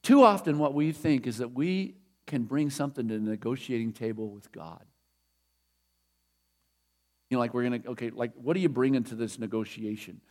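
A man's voice: mid-range voice, moderate pace, a little mellow. A middle-aged man preaching a sermon in a conversational, emphatic way, repeating his key phrases. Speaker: pastor.

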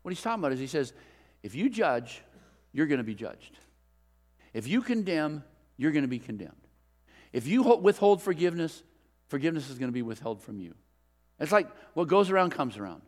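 A middle-aged man preaching a sermon as a pastor, telling a story in a relaxed, conversational way. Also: fairly high pitch, brisk, long pauses. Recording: long reverb of a large hall.

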